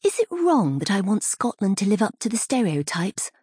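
A woman voices a wry, cynical woman in her forties who muses aloud, pitching it above her own natural voice. The delivery is mid-range with big pitch swings at a moderate pace, a little mellow with a breathy edge, on a dry, clean studio recording.

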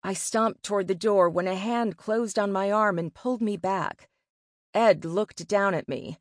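A woman reads a first-person novel aloud at an unhurried, deliberate pace, measured and expressive. Her voice is mid-pitched and sits close to the mic in a dry, dead space. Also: dry recording. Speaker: audiobook narrator.

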